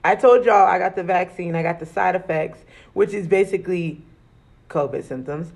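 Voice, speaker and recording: A woman from Arizona in casual chat, telling an animated, slangy story and laughing often. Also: lowish voice, normal speed, gravelly, slightly rough.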